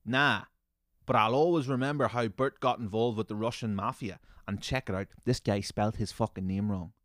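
A man hosting a comedy podcast, ranting sarcastically with lots of swearing and sudden loud mocking bursts. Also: fairly low pitch, steady tone, normal speed, no room sound, clean studio sound.

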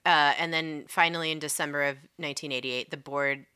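A woman's voice: sits low, steady tone, fairly quick, pushed and bright, smooth. A woman co-hosting a casual true-crime podcast, recounting facts and swearing freely. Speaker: podcast co-host.

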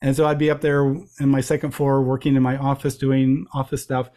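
A middle-aged man telling lively anecdotes as an interview guest, with frequent restarts and playful voices for quotes. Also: medium pitch, brisk. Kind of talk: storytelling in a conversational interview.

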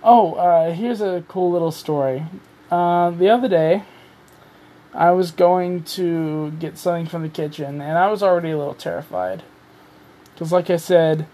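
A man with a voice pitched a little above the usual, talking alone on his podcast. He sounds tired and rambles loosely, dropping casual swears and running himself down as he goes. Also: mellow. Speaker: podcast host. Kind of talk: casual solo podcast rant.

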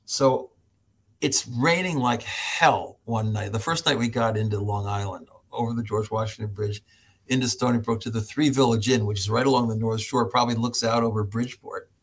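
Husky middle-aged man telling stories. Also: mid-range voice, moderate pace. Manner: animated storyteller who laughs often and acts out voices. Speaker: podcast guest, professor. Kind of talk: storytelling in an interview.

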